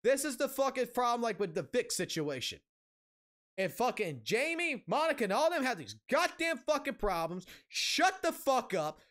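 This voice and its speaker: A man's voice: very high-pitched, big pitch swings, moderate pace, fairly bright tone. A man streaming a casual rant, angry and heavily profane, blunt, repeating himself for emphasis.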